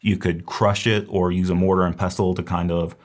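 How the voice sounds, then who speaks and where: A man's voice: deep voice, level tone, a little fast. A man giving a casual, explanatory recorded lecture on herbal medicine, repeating key terms as he goes.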